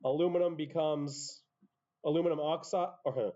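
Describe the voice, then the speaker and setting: A man lectures a class on chemistry, walking through each rule step by step and dropping casual asides. His voice sits a little high but sounds mellow and soft-edged. The recording is muffled and lo-fi, as if captured in a classroom. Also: fairly even intonation, moderate pace. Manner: explains step by step, self-interrupting asides. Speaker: high school chemistry teacher.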